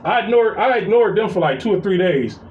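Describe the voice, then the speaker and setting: High, animated man venting in an echoey room. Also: a little fast, lo-fi sound. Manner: animated, profane storytelling. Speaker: vlogger. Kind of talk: casual venting monologue. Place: at his workplace, indoors. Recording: echoey, distant mic with faint background noise.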